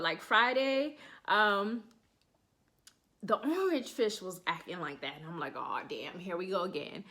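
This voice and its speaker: Host: woman in her thirties, relaxed anecdotal delivery, acts out dialogue with laughs. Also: medium pitch. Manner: chatty, laughing, acts out quotes. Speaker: podcast host. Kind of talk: casual storytelling.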